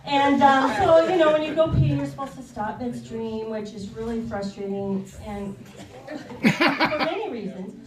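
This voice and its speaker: Woman stand-up comic, high voice, rambling confessional story, roomy club sound from a distant mic. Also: a little slow, a crowd in the background. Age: 30s. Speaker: stand-up comedian. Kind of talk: stand-up set. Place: comedy club stage.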